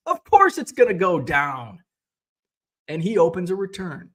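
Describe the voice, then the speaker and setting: Man, middle-aged, livestream host, casual chat, sarcastic and profane, rambling restarts, highish voice. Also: wildly swooping pitch, measured pace, fairly bright tone. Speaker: host of a sports card selling livestream. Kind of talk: casual livestream chat, reading viewer comments.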